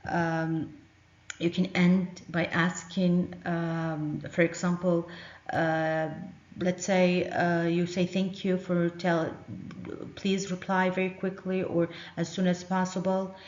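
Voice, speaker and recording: A woman teaching an English grammar lesson, explaining in a halting way with many fillers and restarts. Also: fairly low pitch, flat delivery, a little mellow. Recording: roomy, dull lo-fi recording.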